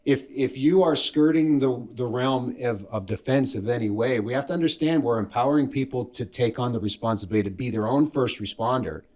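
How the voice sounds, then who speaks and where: A man's voice: mid-range voice, a little fast, hardly any pauses, a little mellow. Thoughtful man explaining teaching ideas. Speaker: co-host, instructor. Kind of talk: casual podcast chat.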